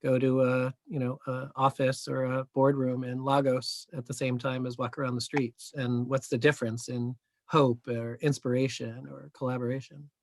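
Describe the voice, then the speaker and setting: A man's voice: mid-range voice, level tone, normal speed, dry recording. A man moderating a webinar, asking questions hesitantly with many fillers.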